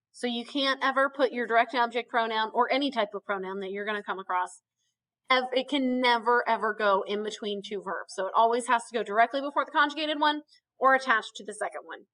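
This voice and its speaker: This woman's voice is high-pitched, bright and forceful. She's giving a Spanish grammar lesson on a recorded video, going through it patiently one step at a time and frequently asking "okay?"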